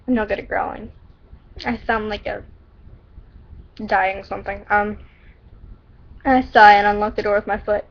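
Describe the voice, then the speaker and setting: A woman's voice: medium pitch, steady tone, normal speed, pauses often. Giggly woman reading her story aloud. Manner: giggly, stumbles over words. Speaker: amateur storyteller. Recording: dull lo-fi recording.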